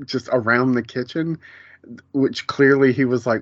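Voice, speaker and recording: A man's voice: mid-range voice, steady tone, unhurried, pauses often, no echo, dull audio. A man co-hosting a podcast, chatting casually in a rambling way with many fillers and restarts. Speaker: podcast co-host. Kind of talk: casual chat.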